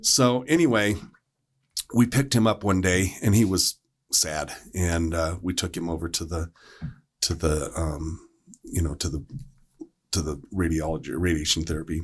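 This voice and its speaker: Man, paramedic, deep-ish voice, loose storyteller full of ums and restarts, podcast mic. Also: fairly even intonation, normal speed, long pauses, breathy edge. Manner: rambling, many fillers and restarts.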